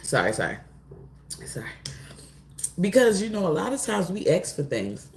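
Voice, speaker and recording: A woman doing a casual oracle card reading, drawling and rambling, often pausing to apologize. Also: fairly low pitch, very animated, vocal fry, slight background noise. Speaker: tarot reader.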